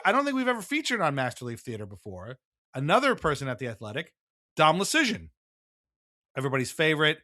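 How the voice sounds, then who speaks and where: Lively, bright-voiced man on a podcast. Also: on the high side, no echo, clean studio sound. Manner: animated, laughs often, quick asides. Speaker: podcast co-host. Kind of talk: casual sports podcast chat.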